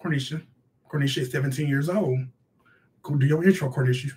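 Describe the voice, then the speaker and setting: A man playing a loud, bossy middle-aged mother who rants and scolds in slangy speech for a comedy sketch. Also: on the high side, fast, recorded from a distance, natural voice. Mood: sassy. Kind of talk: improvised comedy sketch, live-stream parody.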